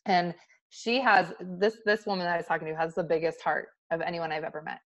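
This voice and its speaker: A woman's voice: lowish voice, level tone, fairly quick, a bit bright. A woman in her thirties hosting a livestream, talking candidly and casually to her viewers with many restarts. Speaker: host of a livestream talk. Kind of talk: casual talk to a live audience.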